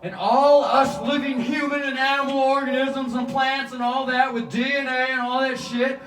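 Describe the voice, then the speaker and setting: A man's voice: very high voice, level tone, moderate pace, fairly bright tone, a little hiss or hum. A man in a rambling, profane, free-associating spiritual monologue. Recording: echoey room, far from mic, guitar music.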